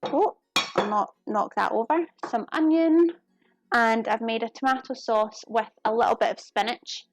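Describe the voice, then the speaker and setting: A young Glaswegian woman from Scotland cooks on a live stream while chatting casually to viewers, friendly, often apologetic and quick to laugh. Her voice is a little high and there's no echo.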